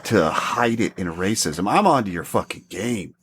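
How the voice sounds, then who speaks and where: A man's voice: lowish voice, lively intonation, moderate pace, a bit bright, slightly rough. A man joining a casual podcast chat remotely, sardonic and profane. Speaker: podcast guest.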